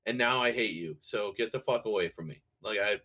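A man's voice: lowish voice, brisk, sharp tone. A married man on a podcast talking bluntly and profanely in casual chat. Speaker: podcast co-host.

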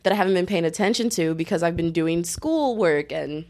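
A young adult woman, a student and podcaster, telling a story in a casual, animated and dramatic way, full of slang and quick asides. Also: on the low side, a little hiss or hum.

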